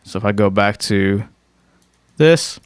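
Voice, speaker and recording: A man's voice: fairly low pitch, slow pace, clear, resonant tone, no room sound, studio quality. A man giving a casual screen-recorded music production tutorial. He explains step by step and often checks in with "right?".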